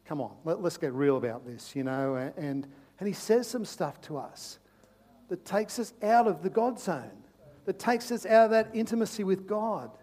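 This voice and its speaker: A man preaching a sermon as pastor, passionate and repetitive, swinging between loud urgent pleas and hushed, intimate tones, often stammering into restarts. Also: high voice, expressive, normal speed. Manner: repeats phrases, restarts with stammers.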